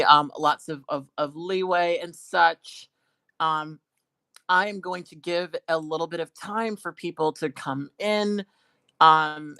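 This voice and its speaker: A woman hosts a live call-in show, rambling casually with plenty of fillers. Her voice sits on the lower side. The recording is dry and close, with no room sound. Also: fairly bright tone, dry recording. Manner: rambling and playful, many fillers and restarts. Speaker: podcast host. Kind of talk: casual live-stream chat.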